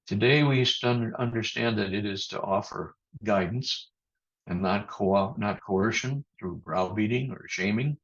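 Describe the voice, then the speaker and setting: A man giving a thoughtful sermon as pastor over a video call, speaking in a measured way with pauses and restarts. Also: on the low side. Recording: muffled video-call audio.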